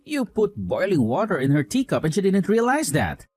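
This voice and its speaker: A man's voice: sits high, wildly swooping pitch, moderate pace, a little mellow. A man playing a scornful, mother-obsessed husband. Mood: scolding. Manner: scolding, contemptuous. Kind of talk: voiced drama story.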